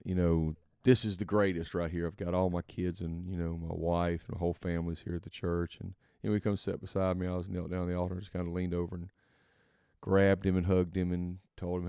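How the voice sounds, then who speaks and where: A man hosting a reflective faith podcast, thinking aloud in a rambling, halting way and often trailing off softly. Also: deep voice, little pitch movement, clean tone, no echo. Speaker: podcast host and father.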